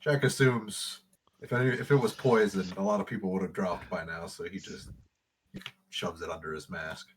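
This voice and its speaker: A man playing a tabletop game, quickly describing his character's actions. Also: low voice, steady tone, slight background noise. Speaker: player. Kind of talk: casual chat.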